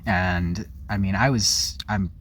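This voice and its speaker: A man's voice: low-pitched, steady tone, slow, fairly bright tone, slight background noise. A man vlogging a candid personal story, rambling and confessional, often circling back and correcting himself. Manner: rambling, frank and confessional, with self-corrections and frequent "like".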